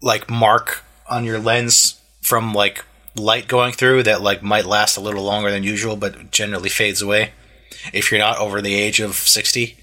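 A man's voice: lowish voice, level tone, moderate pace, pushed and bright. A man in his thirties telling a long story in casual chat, rambling with lots of fillers and restarts and acting out what others said. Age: 30s.

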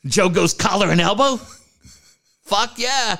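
High, gravelly, animated male podcaster. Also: slow pace. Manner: animated, profane, mimics people with big pitch jumps. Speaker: podcast co-host. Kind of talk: casual podcast banter.

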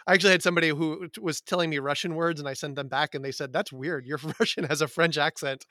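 A man's voice: fairly high pitch, steady tone, fast, hardly any pauses, sharp tone, no room sound, clean studio sound. A middle-aged man hosting a casual chat, talkative with frequent fillers and laughs. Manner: chatty, laughs often, many fillers. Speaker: podcast host, teacher.

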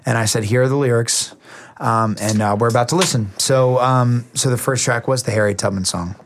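A young adult man, a musician, telling a long story in casual talk, halting and restarting often. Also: mid-range voice, a little hiss or hum. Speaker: musician guest.

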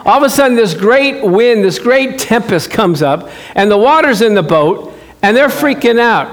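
A male pastor preaching, playful and animated, acting out scenes for his church. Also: high voice, moderate pace. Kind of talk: sermon.

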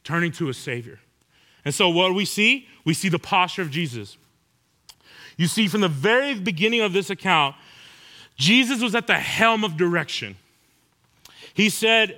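A man's voice: sits high, lively intonation, moderate pace, pauses often, sharp tone. A man preaching a sermon in a conversational way, asking the congregation rhetorical questions.

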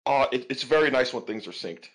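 Man, podcast guest, halting, dry, middle pitch. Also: lively intonation, a bit bright, low-quality recording. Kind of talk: casual chat.

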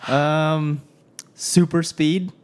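A man co-hosting a casual podcast, teasing the others with quick deadpan quips. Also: a little high. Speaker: podcast co-host. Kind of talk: casual chat.

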